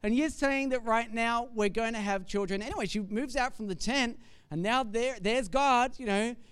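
A man's voice: very high-pitched, normal speed, a bit bright, clean tone, no echo. A man preaching a sermon with conversational, jokey storytelling.

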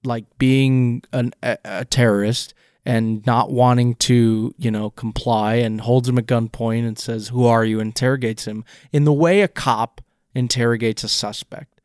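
A man's voice: medium pitch, fairly even intonation, measured pace, a little mellow, dry recording, studio quality. A man co-hosting a casual podcast, picking apart a film scene with enthusiastic, rambling analysis and frequent restarts. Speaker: podcast co-host.

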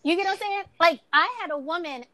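A woman in her thirties hosting a podcast, telling stories in a casual, animated way and acting out the voices of the people in them. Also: very high-pitched, fast talker, no echo. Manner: animated storyteller, acts out quoted voices. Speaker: podcast host. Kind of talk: casual chat.

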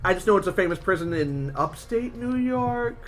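A man's voice: high voice, animated, moderate pace, a bit bright. A man co-hosting a podcast in casual chat, laughing often and swearing freely. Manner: profane, laughing. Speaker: podcast co-host.

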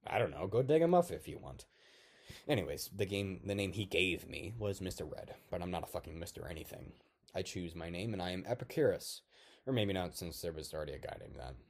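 A man voicing an unhinged artificial toy man who is bitter and volatile. He rambles and swears, swinging between low mutters and sudden shouts in a dark comic monologue. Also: animated, a little fast.

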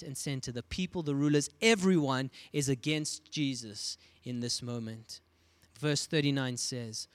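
A man's voice: on the high side, a bit bright, no echo. A man preaching a sermon, reading scripture aloud and explaining it with emphatic repetition. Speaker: pastor.

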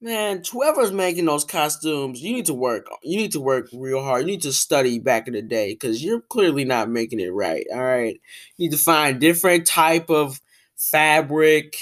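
A young woman hosting a podcast, ranting casually in an exasperated, animated way, full of restarts and fillers. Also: sits low. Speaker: podcast host.

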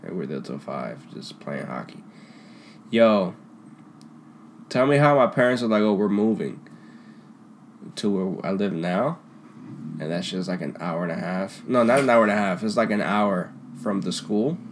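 A young man telling stories from school in a casual, slangy chat, laughing often and trailing off into quieter mumbles. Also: sits low, animated, moderate pace. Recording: faint background noise.

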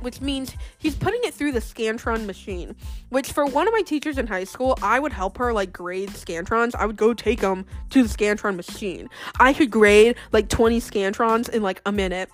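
A young woman tells a story in a loose, chatty way. Her voice sits a little high, and she laughs often and fills her talk with likes and ums. Faint music plays underneath. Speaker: vlogger. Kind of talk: casual storytelling.

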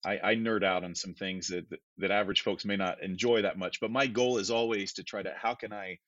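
A low-voiced man talks in a loose, rambling way, full of fillers and restarts, as a guest on a podcast. The audio is dry and a little dull, with the slightly lo-fi sound of a remote call. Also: steady tone, fairly quick, fairly bright tone, no echo. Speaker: guest theologian. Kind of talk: casual podcast conversation.

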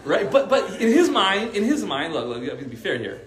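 A man's voice: high voice, fairly quick, echoey room, a faint crowd. A man who teaches Arabic, giving a casual religious talk to a faith circle and telling stories with lots of "like" fillers. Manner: animated storytelling with many "like" fillers.

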